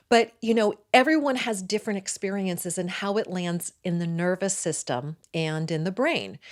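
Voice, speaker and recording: Excitable talkative woman in her forties. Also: fairly low pitch. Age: 40s. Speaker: guest, midwife and acupuncturist. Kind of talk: personal storytelling in conversation.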